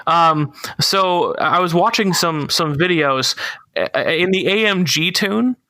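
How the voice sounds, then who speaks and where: Young man, podcast co-host, laid-back, explanatory, higher pitch, bright tone. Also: slow pace, dry recording. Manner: laid-back, laughs often, explains technical details. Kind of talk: casual car chat.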